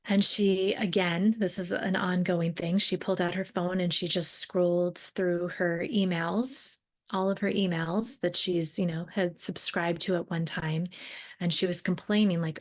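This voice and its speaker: Earnest woman, low voice, podcast host. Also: steady tone, measured pace. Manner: earnest, conversational, with many fillers and rephrasings. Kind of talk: reflective solo podcast talk.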